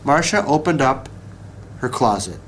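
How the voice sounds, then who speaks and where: A man reading a children's picture book aloud, page by page, in an expressive, measured storytelling voice. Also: medium pitch, a little hiss or hum.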